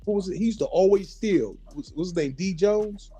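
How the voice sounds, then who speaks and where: Male host, casual storyteller who swears and does the voices; warm tone, light music bed. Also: high voice, moderate pace, husky. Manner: storytelling, swears freely, acts out quotes. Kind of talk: casual chat.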